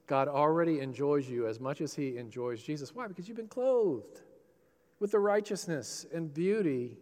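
A man preaching a sermon, swinging between loud, passionate emphasis and hushed, tender quoted lines. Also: on the high side. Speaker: pastor. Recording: long hall reverb.

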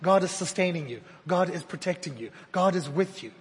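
A man preaching a sermon to his congregation, swinging from loud emphatic repetition to hushed, intimate phrases. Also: high-pitched, brisk. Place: church hall. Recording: long hall reverb.

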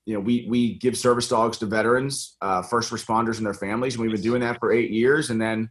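A man's voice: medium pitch, fairly even intonation, a little fast. A middle-aged American man speaking earnestly in a casual interview as a congressional candidate, with many fillers and restarts. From United States.

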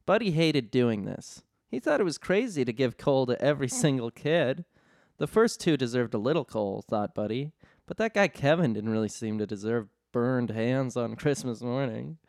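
A man reading an absurd comedy story aloud in a deadpan way, often cracking up. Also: medium pitch, moderate pace, vocal fry, no echo, studio quality. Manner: deadpan narration, often breaking into laughter. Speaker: storyteller host.

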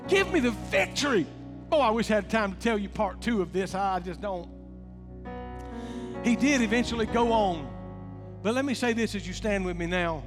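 A male pastor preaching with a notably high voice. His delivery is animated, swinging up in excitement and falling to near-whispers for quoted words. The sanctuary gives a long reverb, with soft music underneath. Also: moderate pace, pauses often. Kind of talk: sermon. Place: church sanctuary.

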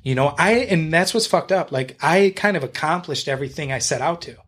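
A man's voice: a little high, fairly quick, a bit bright, husky. A man being interviewed on a podcast as a real estate agent and investor, talking in a blunt, rambling, enthusiastic way and swearing freely.

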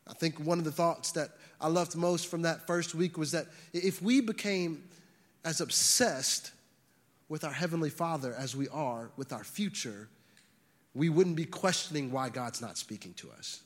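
Man, pastor, high voice, casual sermon delivery, stumbles and repeats words, long hall reverb. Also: a little slow. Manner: conversational, restarts words, frequent fillers.

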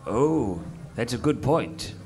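A man's voice: mid-range voice, big pitch swings, slow pace, darkish tone, a little hiss or hum. A man playing a dim-witted, bumbling newspaper man who hesitates and fumbles, in an improvised comedy.

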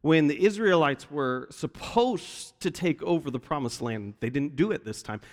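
A man's somewhat high voice carries through a reverberant church hall at a moderate, animated pace. He's a pastor giving a sermon, acting out the quoted voices as he tells the story.

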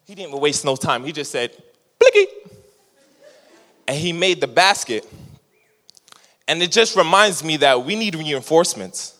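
A man preaching a sermon as a lively story, laughing often and acting out what people said. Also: a little high, moderate pace. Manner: animated, laughing storyteller who acts out quotes. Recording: long hall reverb.

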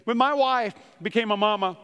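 A man's voice: high-pitched, moderate pace, clear, resonant tone, in a large hall. A middle-aged man, a pastor, preaching a sermon in a church, telling funny family stories and acting out the quotes in them. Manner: animated storyteller, acts out quotes.

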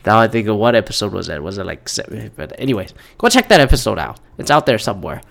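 A man's voice: fairly low pitch, big pitch swings, quick pace, gravelly, a bit bright. A man talking alone in a casual monologue, rambling off on tangents and swearing freely as he rants. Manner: rambling, profane, goes off on tangents.

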